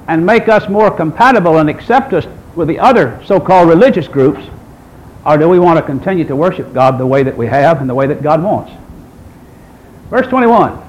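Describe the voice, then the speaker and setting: A man's voice: fairly high pitch, expressive, normal speed, highs cut off. A man in his sixties preaching a sermon, quoting scripture and asking the congregation rhetorical questions in an emphatic way. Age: 60s. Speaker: pastor.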